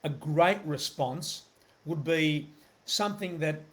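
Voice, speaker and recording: A man's voice: fairly high pitch, slow. A middle-aged man coaching network marketers, talking straight to his viewers and checking in often with "right?" and "okay?". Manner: talks with many "right?" and "okay?" check-ins. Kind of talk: motivational talk to camera.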